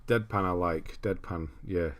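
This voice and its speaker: A man's voice: low-pitched, steady tone, a little slow, a bit bright. A man casually chatting on a livestream, thinking aloud and laughing as he reads through viewers' lists. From United Kingdom. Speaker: streamer.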